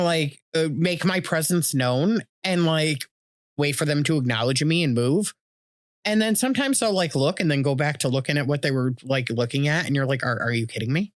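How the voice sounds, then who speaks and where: Animated, foul-mouthed woman co-host. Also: sits low, normal speed, no echo, studio quality. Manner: animated, profane, acts out quotes. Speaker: podcast co-host. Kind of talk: casual chat.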